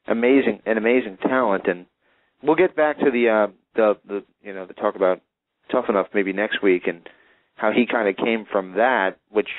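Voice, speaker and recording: A man's voice: on the low side, no room sound. A man hosting a wrestling talk show, chatting casually and rambling with restarts. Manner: rambling, restarts with filler words. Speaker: radio show host. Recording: tinny phone-line sound.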